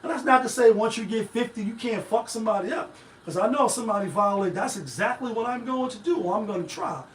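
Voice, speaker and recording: High-voiced man ranting in an echoey room. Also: quick pace, a little hiss or hum. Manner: rambling, profane, talks straight to viewers. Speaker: live-stream show host. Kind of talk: casual commentary. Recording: echoey room, mic at a distance.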